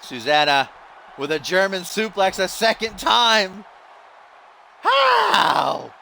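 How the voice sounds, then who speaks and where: A young man doing excited, exasperated play-by-play commentary while playing a wrestling video game, laughing at the mistakes. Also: high-pitched, unhurried, slight background noise. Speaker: gaming YouTuber.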